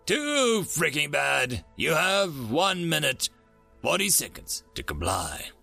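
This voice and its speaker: A man voicing a stern, commanding human space admiral who speaks slowly and with authority. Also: on the high side, wildly swooping pitch, gravelly, pushed and bright, no echo, faint music behind, full character voice. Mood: curt.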